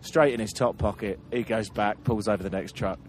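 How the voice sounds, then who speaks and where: A man's voice: on the low side, steady tone, fairly quick. A man hosting a travel podcast, telling road-trip anecdotes in casual chat and laughing through them.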